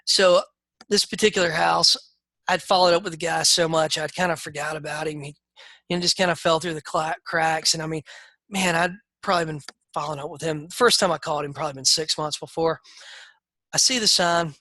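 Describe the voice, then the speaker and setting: A man's voice: on the high side, steady tone, a little fast, bright, forceful tone, no echo. A middle-aged man coaching real estate agents on a live webinar, direct and folksy, acting out sales calls. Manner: direct, folksy, acts out seller calls in a raised voice.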